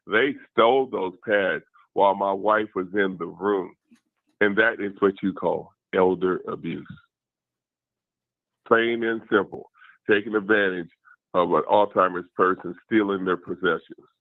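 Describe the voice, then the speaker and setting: A man's voice: deep voice, steady tone, a little slow, no echo. A male caller phoning in to a talk show, speaking earnestly with stammering restarts as he complains. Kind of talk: phone-in call. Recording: tinny dry phone line.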